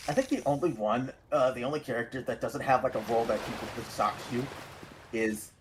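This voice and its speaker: A man's voice: mid-range voice, fast talker. A man chatting casually during a game stream, rambling and repeating his words as he gets to a point. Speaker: co-player. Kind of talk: casual chat while playing. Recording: noisy, hissy mic.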